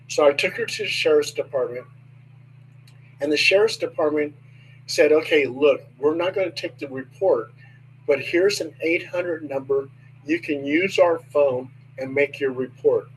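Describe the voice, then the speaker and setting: An older man, a guest, slowly recounting a personal story in a hesitant way with many pauses. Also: on the high side, slight background noise, poor audio. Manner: slow, hesitant with many ums. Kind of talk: storytelling in casual conversation.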